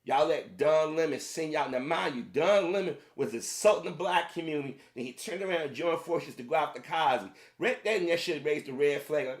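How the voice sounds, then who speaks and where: A man's voice: fairly high pitch, moderate pace, few pauses. A man giving a heated opinion rant, repeating himself and speaking straight to his audience. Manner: heated, repetitive, addressing the audience directly. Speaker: commentator.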